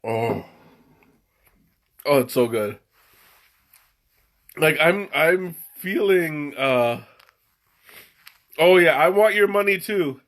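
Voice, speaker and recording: Via a webcam mic, a man tasting tea on a relaxed live stream rambles along, chuckling and often trailing off before finishing sentences. His fairly high, slightly bright voice is animated but very slow, with frequent pauses.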